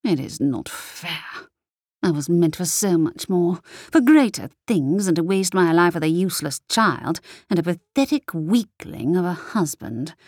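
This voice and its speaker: A woman voicing a cruel, bitter sorceress who treats her daughter with slow, cutting scorn. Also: on the low side, animated, darkish tone, slightly rough, dry recording, studio quality. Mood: bitter, scornful.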